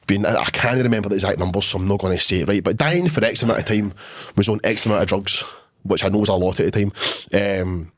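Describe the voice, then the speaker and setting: A man's voice: lowish voice, fast. Sweary Scottish man telling a story. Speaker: podcast co-host. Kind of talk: casual chat.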